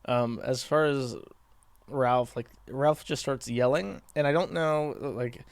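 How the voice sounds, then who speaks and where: A man rambles through casual commentary, hedging often and filling pauses as he thinks aloud, with the odd curse. The recording is dry and close. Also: mid-range voice, clean tone, dry recording. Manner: rambling, hedging, fillers, occasional swearing. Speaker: commentary host.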